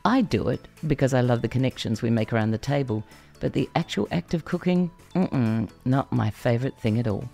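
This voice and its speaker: A woman's voice: extremely low pitch, fairly quick, vocal fry, warm tone, soft background music. A middle-aged woman from Australia hosting a parenting podcast, delivering a scripted monologue expressively and asking the listener direct questions. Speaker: podcast host.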